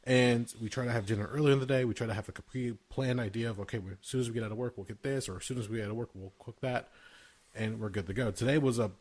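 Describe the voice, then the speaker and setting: Speaking very fast in a darkish, mid-range voice, this thirty-something man hosts a podcast. His chat is casual storytelling, full of free swearing and laughter.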